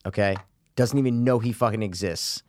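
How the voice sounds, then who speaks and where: A man's voice: fairly low pitch, a little fast, dry recording, clean studio sound. A man co-hosting a podcast, joking around in casual, profane banter with a friend. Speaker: podcast co-host. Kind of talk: casual chat.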